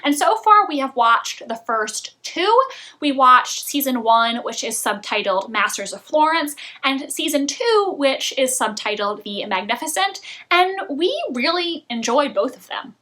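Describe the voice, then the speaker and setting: A woman's voice: high voice, very animated, measured pace, pushed and bright. A young woman vlogger chatting casually and often laughing as she talks about shows she watched. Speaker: video blogger. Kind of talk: casual chat.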